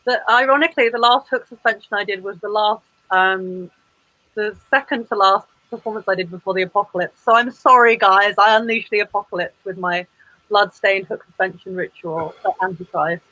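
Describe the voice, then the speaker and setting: A woman's voice: mid-range voice, fairly quick, sharp tone, no room sound, lo-fi sound. A woman performance artist chatting as an interview guest, with lots of fillers and restarts. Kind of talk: casual interview chat.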